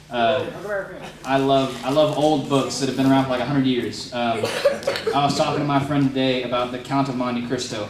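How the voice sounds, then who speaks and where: A young man giving a rambling, self-mocking speech to a youth group and taking questions from the audience. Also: mid-range voice. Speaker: motivational youth speaker. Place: large room before a youth group audience. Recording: echoey room, mic at a distance, crowd noise.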